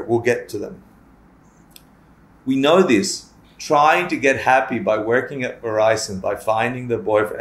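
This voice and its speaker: Guy giving a chatty buddhist class, jokey and animated, roomy echo. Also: medium pitch. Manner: animated, joking, swears, acts out little scenes. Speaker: Buddhist teacher. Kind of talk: lively casual dharma class. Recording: echoey room.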